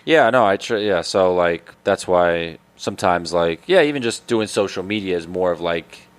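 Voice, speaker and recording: Zachtpratende mannelijke gast, wat laag. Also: male voice, low-pitched, animated, normal speed, clean tone. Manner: hesitant, many fillers, soft-spoken. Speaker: comedian guest. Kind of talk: casual chat.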